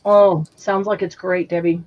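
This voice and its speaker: A woman's voice: lowish voice, flat delivery, a little slow, a little mellow. Woman livestream host, friendly chatter over a dull stream feed. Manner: chatty, talks while eating. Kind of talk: casual chat reading viewer comments.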